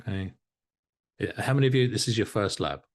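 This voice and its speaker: Man, hypnotherapy teacher, lively swooping delivery, low voice, online class over a video call. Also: a little fast. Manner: animated, encouraging, laughs often. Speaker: hypnotherapy instructor.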